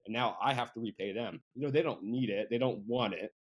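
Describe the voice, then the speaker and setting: Appearing as a guest on a podcast, a central Pennsylvania man who owns a marketing agency talks in a relaxed interview style, loaded with fillers and side remarks. He's a fast talker with a medium-pitched voice and a breathy edge.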